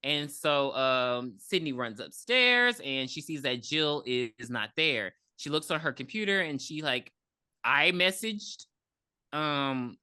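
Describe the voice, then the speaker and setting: A woman's voice: deep voice, animated, takes it slowly, bright, forceful tone, clear, resonant tone, no room sound, studio quality. Profane rambling woman recapping a movie. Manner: rambling, profane, with frequent ums and acted-out quotes. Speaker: podcast co-host. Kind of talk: casual movie recap chat.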